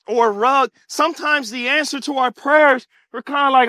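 A man preaching a sermon with animated call-and-response and bursts of shouting. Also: very high-pitched, moderate pace, dry recording, clean studio sound.

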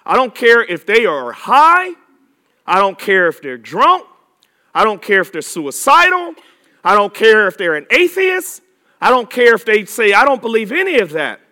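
A man preaching a sermon with emphatic repetition, drawing words out and rising to shouts. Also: high-pitched, huge pitch swings, measured pace.

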